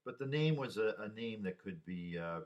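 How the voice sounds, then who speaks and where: Low-voiced older man, rambling. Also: animated, darkish tone, lo-fi sound. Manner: rambling, halting, with sighs and restarts. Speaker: vlogger. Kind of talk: casual personal monologue.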